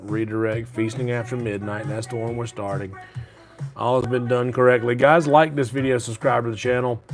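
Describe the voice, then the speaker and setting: Male streamer, mid-pitched, easygoing and rambling, kept hushed for a night kitchen, light music underneath. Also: creaky. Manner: talks quietly so as not to wake sleeping roommates; casual and rambling, with fillers. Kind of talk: casual live-stream chat.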